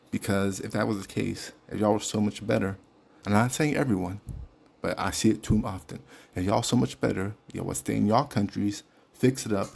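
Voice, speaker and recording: A man's voice: on the low side, vocal fry, darkish tone. A man hosting a podcast, giving blunt, candid advice straight to his listeners in a casual monologue. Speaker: podcast host.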